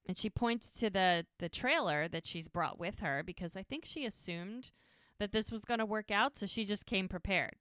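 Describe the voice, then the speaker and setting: A woman's voice: medium pitch, moderate pace, fairly bright tone, no echo, studio quality. A woman co-hosting a podcast, casually recapping a TV episode and retelling scenes through quoted dialogue. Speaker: podcast co-host.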